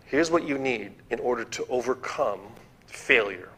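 A man's voice: medium pitch, lively intonation, moderate pace, bright, forceful tone, a little hiss or hum. A man preaching a sermon in a church, posing rhetorical questions, repeating key phrases and restarting words.

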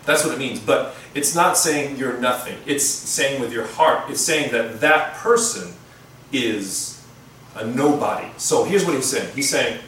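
A man's voice: medium pitch, animated, fairly bright tone, a little hiss or hum. Echoey preaching man from afar. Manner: conversational preaching with pauses and restarts. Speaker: pastor. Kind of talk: sermon. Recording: echoey room from far off.

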